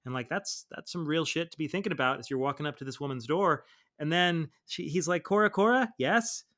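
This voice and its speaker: A male podcast co-host with a bright, forceful voice pitched a little high. He chats in a loose, animated way, laughing often and dropping casual swears. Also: fairly quick. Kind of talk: casual chat.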